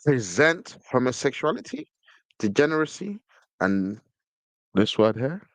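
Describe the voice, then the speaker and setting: A man's voice: mid-range voice, very animated, measured pace, no echo. Emphatic man hosting a podcast. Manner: emphatic, repeats words when stressing a point. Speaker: podcast host. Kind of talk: casual commentary reading from a screen.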